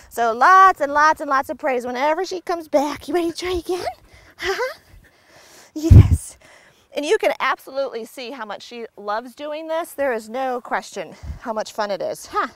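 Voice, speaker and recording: A woman's voice: high voice, animated, normal speed, fairly bright tone, no room sound. A woman working as a dog agility trainer outdoors, coaching and explaining as she works a dog, breaking into squealing praise and frequent laughter.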